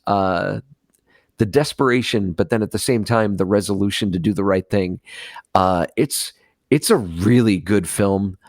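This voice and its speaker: A man's voice: fairly low pitch, gravelly, no echo, studio quality. A man co-hosting a casual movie podcast, rambling with many fillers and restarts. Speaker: podcast co-host.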